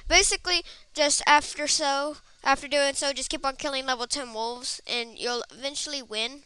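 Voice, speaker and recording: A woman's voice: high-pitched, normal speed, few pauses, sharp tone, no echo. A woman giving goofy, rambling commentary on her gameplay, humming silly sound effects between lines. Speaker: game video player.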